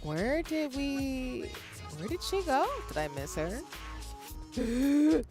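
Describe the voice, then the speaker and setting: A young woman chatting casually and animatedly while streaming a game, quick to laugh. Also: high-pitched, very animated, a little mellow, soft background music. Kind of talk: casual gaming stream chat.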